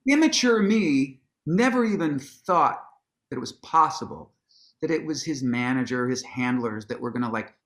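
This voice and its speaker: A man telling a long anecdote in an onstage conversation, casual and profane, acting out what people said with sudden jumps in his voice. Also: moderate pace. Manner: animated storyteller, acts out quotes with big pitch jumps; casual, swears freely, restarts sentences. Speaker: guest, musician and author.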